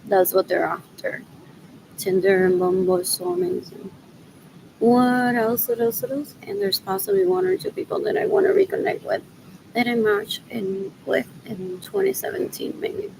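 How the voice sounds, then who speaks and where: High raspy-fry lady vlogging, rambles on and on to herself. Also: lively intonation, unhurried, noisy background. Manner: repetitive, muttering to herself. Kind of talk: rambling solo monologue.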